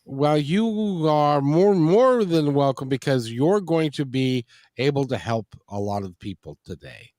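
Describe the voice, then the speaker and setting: Chatty rambling male radio host, lively pitch. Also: measured pace, no echo, studio quality. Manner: folksy, rambling with restarts. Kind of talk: casual interview chat.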